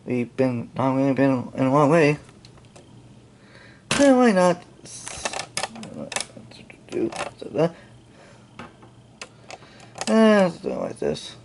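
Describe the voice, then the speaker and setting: A slow-talking channel host delivers an angry commentary rant, swearing constantly and sighing between complaints. The speech comes in halting bursts, full of restarts and repeated exasperated questions. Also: medium pitch, darkish tone, a little hiss or hum. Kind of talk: angry ranting commentary over screen content.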